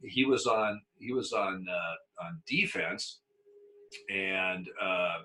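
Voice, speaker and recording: A man's voice: low-pitched, slow pace, sharp tone, rough recording. An older man who is a former umpire, telling stories in a casual interview with lots of animation, frequent laughter and repeated words.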